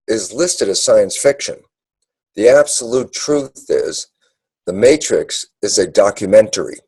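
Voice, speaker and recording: A man's voice: mid-range voice, mellow, slightly rough, no echo, rough recording. A man giving an emphatic talk, acting out little dialogues as he goes. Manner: acts out dialogues in quick asides. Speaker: speaker. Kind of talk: animated lecture.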